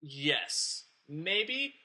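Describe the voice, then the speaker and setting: A man's voice: on the high side, big pitch swings, drawn-out words, bright, forceful tone. A man hosting a podcast, casually recapping a film plot in a rambling, digressive way and chuckling as he talks. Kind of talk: casual chat.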